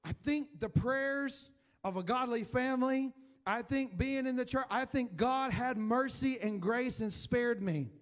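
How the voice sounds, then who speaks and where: High-voiced pastor preaching a testimony. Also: male voice, a little slow. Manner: animated, rises loud for emphasis, drops soft and hushed when emotional. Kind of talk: sermon with personal testimony. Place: church.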